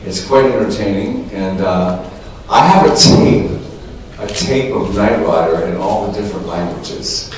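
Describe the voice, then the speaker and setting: A man in his sixties, a press-conference guest telling anecdotes in an animated way, often laughing. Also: on the low side, measured pace. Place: large echoey hall, press conference. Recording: echoey hall from far off with faint noise.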